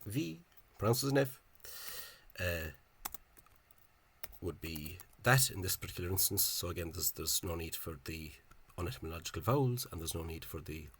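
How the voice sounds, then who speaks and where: A man explaining spelling in a casual, halting monologue. He is opinionated and often repeats words and fills gaps with hesitations. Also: low voice, fairly bright tone, a little hiss or hum. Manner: opinionated, dismissive of official spelling. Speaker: language enthusiast explaining spelling.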